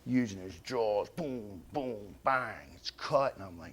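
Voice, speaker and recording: Man, interviewee, low voice, blunt, swears a lot, acts out others' lines, faint background hiss. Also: slow. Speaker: interviewee recounting his past. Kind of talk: profane storytelling anecdote.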